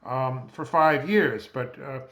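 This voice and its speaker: A man, a physician, giving a measured, explanatory lecture over slides while seated at a close mic. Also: mid-range voice, fairly bright tone. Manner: measured, explanatory, spells out terms.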